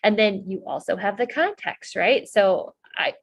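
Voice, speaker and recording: A woman hosting a podcast, asking questions and reflecting in a calm, conversational way. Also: mid-range voice, unhurried, creaky, husky, no echo. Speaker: podcast host. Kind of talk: casual podcast interview.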